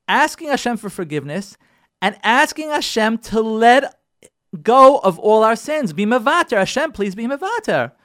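A rabbi giving a Torah class, animated, acting out pleading prayers and mixing Hebrew terms into his English. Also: very high-pitched, dry recording, clean studio sound.

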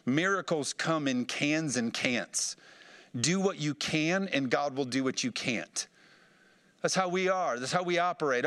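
Man, pastor, sermon, fired-up preaching, amen calls, slightly high pitch. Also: unhurried, fairly bright tone. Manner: fired-up preaching with call-and-response.

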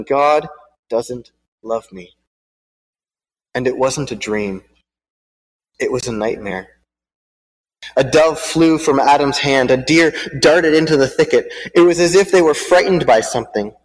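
A man giving a sermon to a congregation. He halts and repeats words while speaking freely, then reads a storybook aloud. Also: medium pitch. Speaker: preacher. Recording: long hall reverb.

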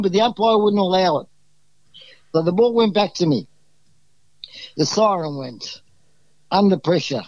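A man's voice: high voice, dry recording, muffled recording. An Australian man talking as a podcast guest, telling rambling, exuberant stories full of restarts. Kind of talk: casual storytelling.

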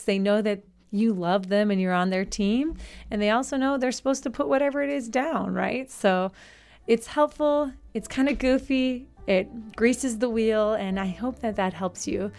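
Young adult woman, podcast host; slightly high voice, warm-hearted encouraging conversational delivery. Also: measured pace, clear, resonant tone. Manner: gentle, encouraging, conversational with rhetorical questions. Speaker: podcast host, nanny and school educator. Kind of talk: solo podcast advice talk.

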